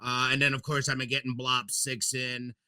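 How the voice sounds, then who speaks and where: A man's voice: mid-range voice, little pitch movement, normal speed, pushed and bright, smooth. A man co-hosting a gaming podcast, chatting casually and rambling with lots of fillers. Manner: rambling, laughs easily. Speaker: podcast co-host. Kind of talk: casual chat.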